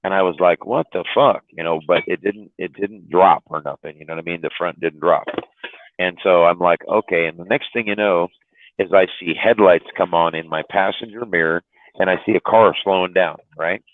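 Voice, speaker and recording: A man's voice: fairly even intonation, brisk, no room sound. A man, a truck driver, telling a story in casual chat, swearing and repeating words as he goes. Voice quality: deep, drawling, repeats words while telling. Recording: dry tinny phone-like line.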